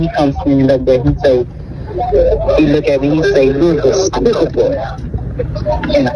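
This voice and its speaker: A Louisiana-accented man from Baton Rouge, guesting in an interview, tells his story casually and streetwise, doing the voices of those he quotes and saying "bro" and "you know what I'm saying" constantly. His voice is medium in pitch, picked up from a distance on a low-quality recording.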